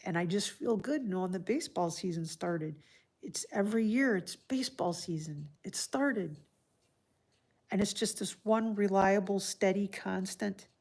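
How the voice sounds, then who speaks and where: A woman hosting a casual livestream from home, chatting softly and heartfelt while answering viewers by name. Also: medium pitch, vocal fry. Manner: soft-spoken and heartfelt. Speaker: livestream host. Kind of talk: casual live-stream chat.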